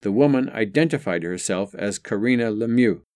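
A man's voice: lowish voice, expressive, normal speed, darkish tone, no echo, studio quality, close to an everyday voice. A man voicing a prim, sugary, clueless woman receptionist in an audiobook story. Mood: saccharine. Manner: saccharine, clipped.

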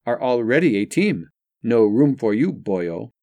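A man's voice: mid-range voice, sing-song, a little slow, warm tone, no echo. A man voicing a bold lilting Jamaican young woman. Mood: defiant. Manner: lilting, teasing, firm.

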